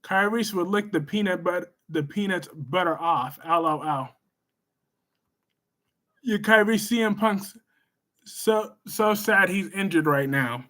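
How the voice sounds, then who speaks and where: A man hosts a live stream, chatting with viewers in an animated way. His voice sits high and bright. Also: slow pace. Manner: chatty, animated, scolds chatters loudly then gushes warmly. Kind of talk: casual live stream chat, reading viewer comments.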